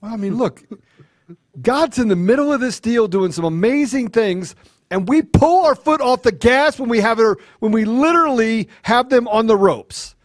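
A man's voice: extremely high pitch, animated, moderate pace, no room sound, clean studio sound. A man co-hosting a talk show, speaking with fervent, repetitive emphasis that builds to anger. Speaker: co-host.

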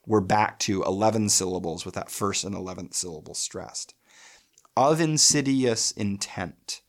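A man giving a lecture on poetry, thoughtful, with frequent filler pauses, reading verse aloud. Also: deep voice, steady tone. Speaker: literature lecturer.

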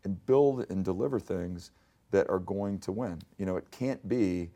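A man's voice: low voice, a little slow. A man in his fifties, a company CEO, telling stories in a business interview and acting out the dialogue. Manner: animated storyteller, acts out quoted dialogue.

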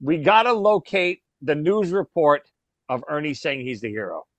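A man's voice: fairly high pitch, very animated, normal speed, a bit bright, dry recording. A man hosting a talk show, chatting casually as he wraps up a long episode. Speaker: show host. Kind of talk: casual radio show chat.

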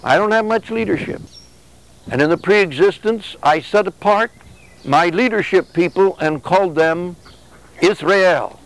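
A man's voice: high-pitched, a little slow, rough recording. A man giving a sermon in a conversational way, often acting out back-and-forth exchanges to make his points. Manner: conversational preaching with acted-out exchanges. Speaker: religious speaker.

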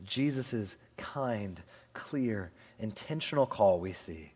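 A man's voice: fairly low pitch, slightly rough. Preaching man in a reverberant church hall. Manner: conversational, asks the crowd "right?" often; swings from hushed and slow to loud and lively. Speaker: pastor. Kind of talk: sermon.

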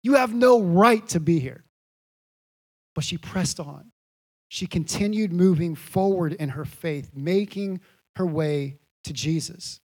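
A man preaching a sermon as pastor, repeating key phrases and building each point to an emphatic peak. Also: high-pitched. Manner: earnest, building to emphatic peaks.

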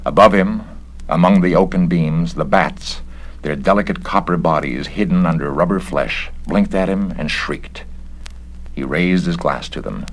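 Deep, gravelly male storyteller. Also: measured pace. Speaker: narrator. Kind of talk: story reading.

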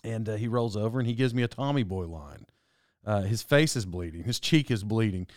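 A man's voice: lowish voice, expressive, a little fast, no echo, studio quality. A young man telling a story casually, rambling with restarts and chuckling as he goes.

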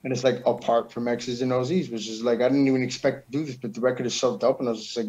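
A man in relaxed conversation, full of slang and casual swearing, at an ordinary pitch. The sound is a bit dull and lo-fi. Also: fast, hardly any pauses. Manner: loose slangy talk, swears often, says bro a lot. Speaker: musician guest. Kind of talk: casual chat.

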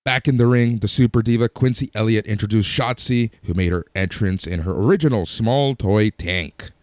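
A man's voice: fairly low pitch, normal speed, darkish tone, no room sound. A man casually recapping a wrestling show, then giving his offhand opinions. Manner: recaps events then gives offhand opinions, some fillers.

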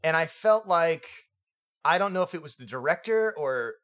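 Animated, higher-voiced man reviewing films. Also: moderate pace. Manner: animated, acts out characters' lines. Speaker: podcast co-host. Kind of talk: casual film review chat.

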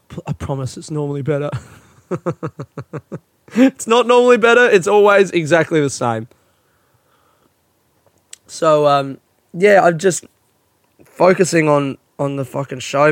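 A man's voice: fairly high pitch, dry recording. A young Australian man, a comedian, rambling through a casual solo podcast, tired and yawning, swearing often and running himself down, recorded on a phone in a friend's hot house. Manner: rambling, sweary, self-deprecating.

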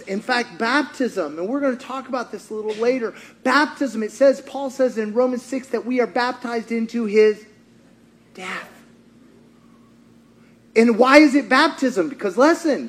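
Animated high-voiced male preacher. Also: a little slow. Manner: animated, swings between shouting and hushed. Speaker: pastor. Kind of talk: sermon.

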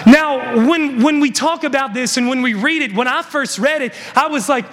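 High-voiced preacher in a reverberant hall. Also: male voice, moderate pace, few pauses. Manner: emphatic, building to shouted peaks. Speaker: pastor. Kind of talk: sermon with scripture reading.

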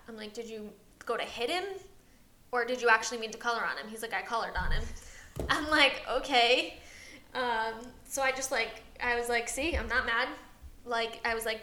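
A woman's voice: on the high side, bright, forceful tone, roomy sound. A woman co-hosting a casual podcast, rambling through a long story about her son and acting out his lines. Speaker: podcast co-host. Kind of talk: casual chat.

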